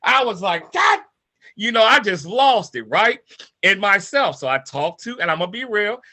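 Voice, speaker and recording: A man's voice: high-pitched, big pitch swings, normal speed, bright, forceful tone. A man on a group call telling a fired-up personal story, acting out what he and others said. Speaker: participant in a coaching call.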